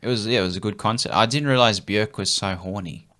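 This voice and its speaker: A man's voice: on the low side, fast talker, bright, forceful tone. An Australian man chatting casually on a comedy podcast, rambling and laughing easily.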